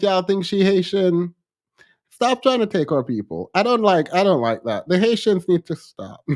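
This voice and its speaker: A man from Jamaica with a Jamaican accent, chatting casually on a livestream and reading out comments, playful and repetitive, often laughing. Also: high voice. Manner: animated, playful, repeats himself, laughs often. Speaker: livestream host.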